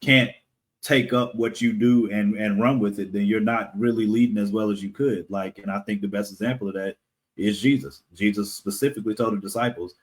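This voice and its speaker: Low-voiced man, casual guest. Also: fairly even intonation, fairly quick. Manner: rambling, laughs often, many fillers. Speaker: comic creator guest. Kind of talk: casual podcast interview.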